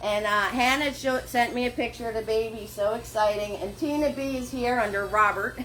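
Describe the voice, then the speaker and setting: A woman's voice: a little high, moderate pace, a bit bright, a little hiss or hum. A woman leading a live online painting class from her home, chatty and encouraging, laughing often and greeting viewers by name. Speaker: paint party instructor. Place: her home studio, indoors. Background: faint background music.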